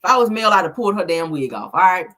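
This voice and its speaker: A woman's voice: fairly low pitch, very animated, rapid-fire, a bit bright. A woman hosting a celebrity gossip commentary, blunt, profane and sassy as she reads viewer comments.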